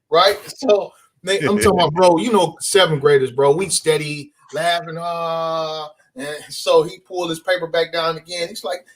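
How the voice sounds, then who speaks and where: Guest comedian, man, high voice, slangy animated storyteller. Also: normal speed. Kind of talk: casual podcast storytelling.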